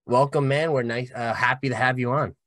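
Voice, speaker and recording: A man's voice: medium pitch, steady tone, fairly quick, a bit bright, no echo, clean studio sound. A man hosting a casual podcast chat, friendly and a little hesitant. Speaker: podcast co-host.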